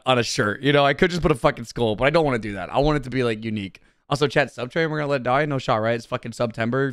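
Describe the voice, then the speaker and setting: Male streamer, casual and profane, answers chat and flares up fast; smooth, crisp voice, dry close sound. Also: medium pitch, fairly bright tone, dry recording. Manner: profane, reads chat aloud, easily riled up.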